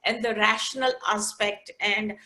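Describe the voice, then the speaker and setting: A woman's voice: medium pitch, fairly even intonation, measured pace, sharp tone. A middle-aged woman speaking as an interview guest, thoughtful and a little hesitant, who also reads a poem aloud. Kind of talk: conversational interview with poetry reading.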